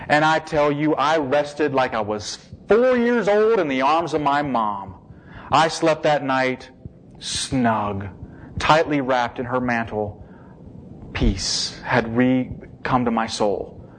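A man giving an emotional personal testimony, shifting between hushed, slow passages and excited bursts. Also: medium pitch, a little hiss or hum, poor audio.

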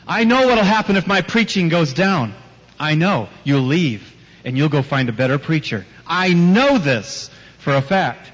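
A man's voice: fairly high pitch, expressive, a little slow, fairly bright tone. A man preaching a sermon before a live audience, telling personal stories with emphatic rhetorical questions and light teasing. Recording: dull audio with long hall reverb.

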